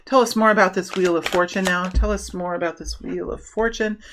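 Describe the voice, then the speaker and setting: A woman giving a casual tarot reading, animated and prone to excited bursts, often restarting her sentences. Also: lowish voice, a little fast, a little hiss or hum. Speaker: tarot reader.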